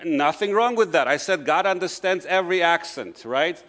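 A middle-aged pastor with a non-native English accent, preaching a conversational sermon full of "you know" asides. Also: male voice, fairly high pitch, expressive, moderate pace, a bit bright.

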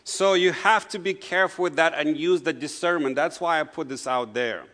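A middle-aged pastor with a non-native English accent, preaching a conversational sermon full of "you know" asides. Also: male voice, on the high side, normal speed, fairly bright tone.

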